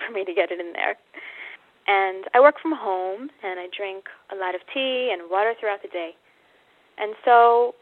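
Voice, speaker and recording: A woman's voice: medium pitch, no echo. A woman guest author telling a personal story candidly, acting out her own inner voice. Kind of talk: casual storytelling. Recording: dry phone-like line.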